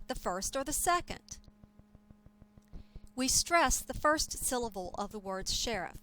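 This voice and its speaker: A woman teaching a lecture, explaining terms in a clear, measured way. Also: a little high, a bit bright, rough recording. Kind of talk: scripted lecture.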